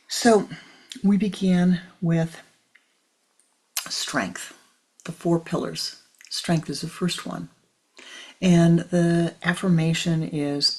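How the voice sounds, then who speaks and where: A spiritual teacher giving a meditative teaching. The teacher speaks slowly and deliberately, repeats phrases for emphasis and often sinks into a breathy near-whisper. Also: medium pitch, fairly even intonation. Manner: addresses listeners tenderly as "my beloved".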